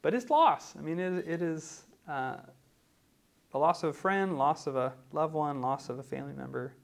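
A man preaching in a conversational teaching style, often pausing with "um" and asking "right?". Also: on the high side, fairly even intonation, creaky. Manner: conversational, many ums and rhetorical "right?". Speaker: pastor teaching a class. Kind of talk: teaching sermon.

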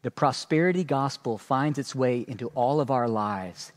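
A man's voice: mid-range voice, normal speed. A man preaching a sermon as a pastor, telling stories and acting out sarcastic asides. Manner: animated storytelling with sarcastic asides.

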